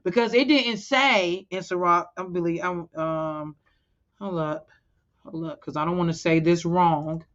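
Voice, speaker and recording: Woman giving a casual sermon, slightly muffled. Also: fairly low pitch. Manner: casual, conversational, pausing to check scripture. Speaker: women's teacher in a religious congregation. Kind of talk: informal sermon to women.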